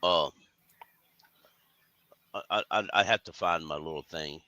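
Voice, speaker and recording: A man co-hosting a sports podcast, halting with many restarts and dismissive asides. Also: deep voice, bright, forceful tone, lo-fi sound. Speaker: podcast co-host. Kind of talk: casual sports talk.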